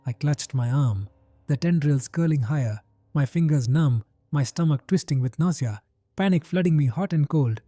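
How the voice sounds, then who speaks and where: A man's voice: a little high, lively intonation, normal speed, mellow, no echo, clean studio sound, soft background music. A man narrating a first-person horror story in tense, clipped phrases.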